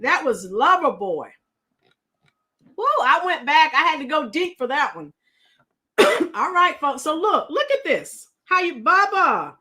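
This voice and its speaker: A middle-aged woman hosting a casual livestream, chatting with commenters and breaking into song, her voice a bit strained from shouting. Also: high voice, sing-song, measured pace, long pauses. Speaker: livestream host.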